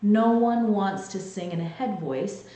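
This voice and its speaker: A woman vocal coach explaining singing technique in a clear, teaching manner, with sung demonstrations. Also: medium pitch, measured pace, warm tone. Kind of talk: singing lesson to camera. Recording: very echoey room.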